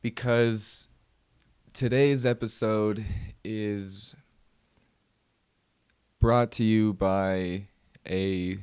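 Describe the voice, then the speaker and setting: A man's voice: fairly low pitch, fairly even intonation, very slow, long pauses, a little mellow, clean tone, no echo, studio quality. A man hosting his own comedy podcast, ranting nervously and mocking himself. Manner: nervous, self-mocking rant. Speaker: podcast host. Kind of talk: solo comedy podcast monologue.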